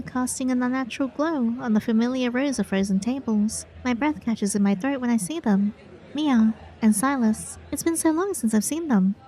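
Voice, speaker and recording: A woman reading a story game aloud in first person, expressive and reacting to it. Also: fairly high pitch, rough recording.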